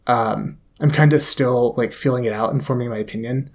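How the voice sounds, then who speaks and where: A man's voice: medium pitch, fairly even intonation, fairly quick, darkish tone. A man co-hosting a podcast in casual chat, laid-back and hesitant, with many ums and uhs. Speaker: podcast co-host.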